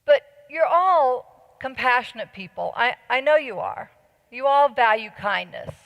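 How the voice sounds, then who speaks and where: A woman's voice: sits high, expressive, unhurried, vocal fry, a bit bright. A middle-aged woman giving an earnest, persuasive conference talk and questioning her audience. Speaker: conference speaker. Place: large conference hall. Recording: long hall reverb.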